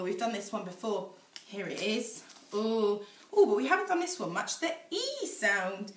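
A woman's voice: fairly high pitch, fairly bright tone. A young woman teaching phonics to small children, sounding out letters in a sing-song voice at home. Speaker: infant school teacher. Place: home, echoey room. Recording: echoey room, voice a little far off.

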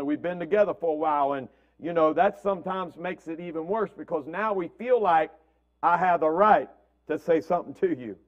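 High-voiced pastor asking "right?". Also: male voice, highs cut off. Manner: asks "right?" constantly, repeats words, acts out family quotes. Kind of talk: conversational sermon teaching.

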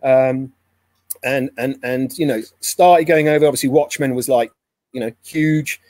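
A man's voice: medium pitch, steady tone, unhurried, a little mellow, no echo. A man, a comic editor, chatting casually and laughing often. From Scotland. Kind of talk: casual chat.

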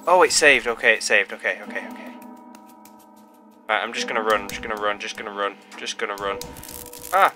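A man's voice: on the low side, brisk, long pauses, over music. A young man giving let's play commentary, yelping and pleading with the game as he plays. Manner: excitable, yelps and pleads at the game. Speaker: gaming channel host.

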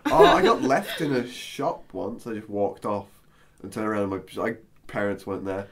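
A man's voice: lowish voice, animated, normal speed. A young man co-hosting a podcast, telling anecdotes in casual chat with wry humor.

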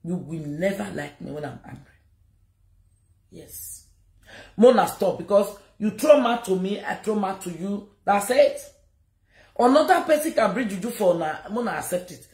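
A woman's voice: mid-range voice, animated, moderate pace, darkish tone, roomy sound. A Nigerian woman giving an emotional live video message, scolding and repeating her warnings. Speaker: social media personality.

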